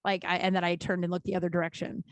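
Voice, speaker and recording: A woman in her thirties hosting her own podcast, talking candidly in a rambling, profane way with many restarts and sudden animated outbursts. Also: lowish voice, very fast, dry recording. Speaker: podcast host. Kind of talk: casual solo podcast monologue.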